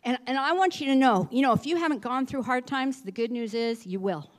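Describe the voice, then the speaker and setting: Animated woman telling a church testimony. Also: high-pitched. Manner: animated storytelling, reads scripture slowly. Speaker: church speaker sharing a testimony.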